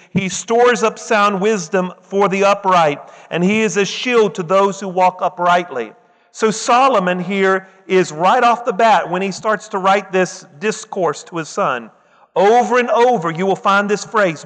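A man's voice: sits high, fairly bright tone. A male pastor preaching a sermon, repeating phrases for emphasis and calling on the congregation for amens. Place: church sanctuary. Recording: long reverb of a church hall.

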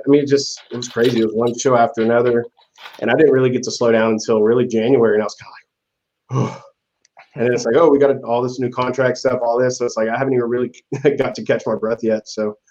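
A laid-back man guesting on a podcast who talks quickly and laughs often between his thoughts. His voice comes through a dull, lo-fi line. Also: mid-range voice, darkish tone. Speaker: event promoter guest. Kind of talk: casual interview chat.

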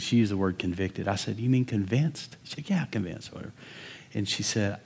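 A man's voice: fairly low pitch, moderate pace, vocal fry, breathy edge. A middle-aged man, a pastor, delivering a folksy sermon full of stories, often chuckling and acting out the people he quotes. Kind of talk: sermon with storytelling.

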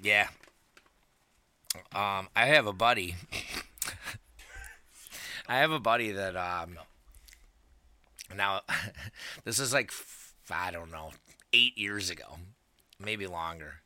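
Bright, rambling man telling a story. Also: low voice, slow, long pauses. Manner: rambling, profane, laughs through his own story. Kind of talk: casual storytelling chat.

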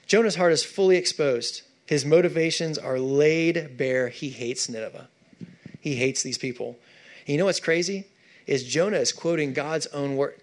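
Casting note: male pastor, lively, chatty sermon delivery, higher voice. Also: moderate pace. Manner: animated, conversational preaching with asides to the congregation.

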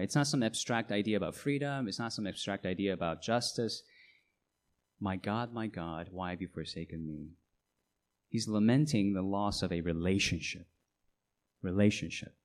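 A man's voice: lowish voice, a little mellow. A middle-aged man, a pastor, preaching a sermon with emphatic delivery and frequent rhetorical questions.

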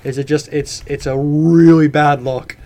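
A man talks on a casual podcast, his voice sitting a little high for a man. He rambles, trips over his own words and restarts, and swears freely. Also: steady tone, unhurried, warm tone. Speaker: podcast co-host.

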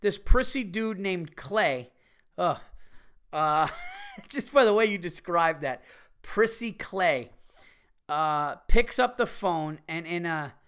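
A middle-aged man hosting a podcast, telling a profane, animated story with bursts of exasperation. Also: high-pitched, slow, smooth. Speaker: podcast host. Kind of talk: casual comedic storytelling rant.

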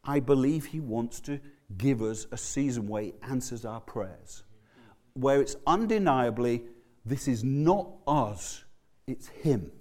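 A pastor with a mid-range voice preaches slowly in a loose, conversational way. He is animated as he tells the story, often stumbling and restarting his words.

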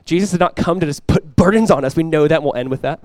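A young adult man preaching a sermon as pastor, energetic and conversational, often restarting his phrases. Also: a little high, fast talker, no room sound.

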